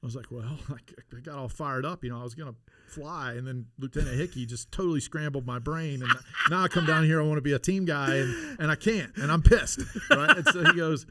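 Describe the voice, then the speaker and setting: A middle-aged man telling stories in a casual interview, animated and laughing, with many restarts. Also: on the high side, a little fast, hardly any pauses, no echo, clean studio sound. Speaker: podcast guest, former Navy SEAL.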